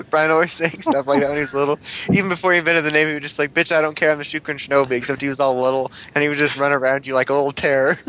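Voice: mid-range voice, flat delivery, very fast, a bit bright. A co-host in a casual chat among friends who teases the others and tells stories with frequent laughter. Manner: giggly, teasing storytelling. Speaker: podcast co-host.

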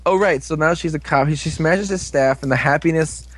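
A man's voice: on the high side, a little fast, breathy edge, low-quality recording. A young man casually recapping a TV episode, rambling, joking and losing his place.

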